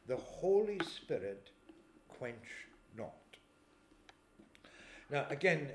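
A man preaching a sermon in a church, reading scripture slowly and explaining it in a measured way, with frequent throat clearing. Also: medium pitch, a little hiss or hum. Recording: echoey church room.

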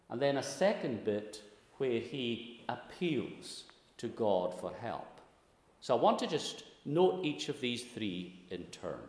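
Male preacher, unhurried and earnest, expressive swooping delivery, long church-hall reverb. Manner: earnest, rises to high emphatic pleading when quoting scripture. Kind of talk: expository sermon. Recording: echoey hall.

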